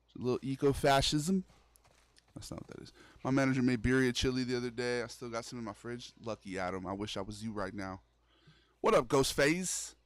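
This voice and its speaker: A fast-talking young man with a medium-pitched, fairly even voice, recorded dry, livestreams a horror game. He keeps the chat casual and slangy, calling his audience "bro."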